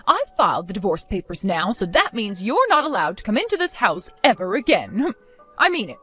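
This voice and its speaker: A woman voicing a spiteful older mother-in-law who insults and orders her daughter-in-law around, in an animated story drama. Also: medium pitch, normal speed, breathy edge, soft background music, full character voice. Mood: scornful. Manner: insulting, accusing, domineering.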